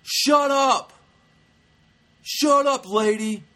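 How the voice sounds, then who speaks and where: A man voicing an angry male audience member who shouts furiously at a heckler. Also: very high-pitched, drawn-out words, pitched above the performer's own voice, exaggerated voice.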